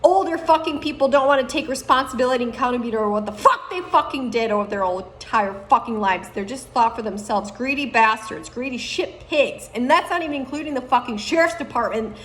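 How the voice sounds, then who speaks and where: A woman in her thirties delivering an angry, profane monologue to camera, swinging between loud outbursts and low muttering. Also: lively intonation, fast, hardly any pauses. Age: 30s.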